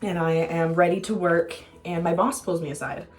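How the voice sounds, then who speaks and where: A woman's voice: fairly low pitch, steady tone, moderate pace, faint music behind. A young woman telling a casual storytime vlog, candid and self-mocking, swearing freely. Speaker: vlogger.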